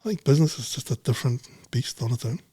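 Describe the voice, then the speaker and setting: A man's voice: medium pitch, quick pace, warm tone, slightly rough, dry recording. A middle-aged man talking bluntly in casual chat, swearing freely and rambling. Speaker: podcast guest, businessman.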